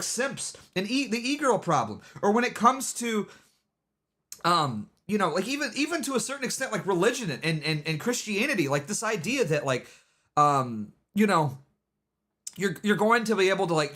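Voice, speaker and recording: A man's voice: high voice, a bit bright. A man streaming live, talking loosely in casual commentary, rambling and restarting his sentences over and over. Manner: rambling, repeats himself, lots of restarts.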